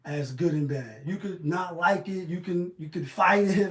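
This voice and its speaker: A man riffs on the day's news in loose, slangy commentary, animated and quick with his asides. His voice sits fairly high for a man. The sound is roomy, with a noticeable echo off the walls of the space he is recording in. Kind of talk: casual commentary vlog.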